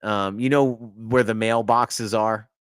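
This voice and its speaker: Speaking slowly in a smooth, lowish voice, a male podcast host recounts a long story in a casual chat. He's animated throughout, cursing, restarting sentences, and laughing mid-tale, with no room sound in the recording.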